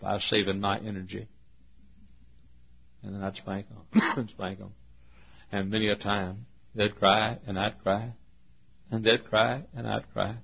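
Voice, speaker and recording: An older man preaching a sermon in a folksy way, laughing often and shouting for emphasis. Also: lowish voice, level tone, unhurried, gravelly, pauses often, breathy edge. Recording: muffled old sermon tape.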